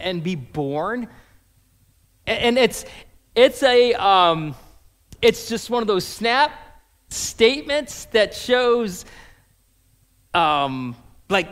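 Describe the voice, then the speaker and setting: A man's voice: sits high, fairly bright tone, in a large hall. A man preaching a sermon as pastor, conversational, acting out scripture dialogue in casual modern phrasing.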